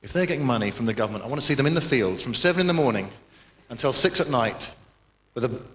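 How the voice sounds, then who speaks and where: A British stand-up comedian performs for a live audience in an echoey comedy venue, and laughter can be heard. His routine is sardonic and profane, full of rambling asides. His medium-pitched voice is animated and fairly bright, with a quick pace.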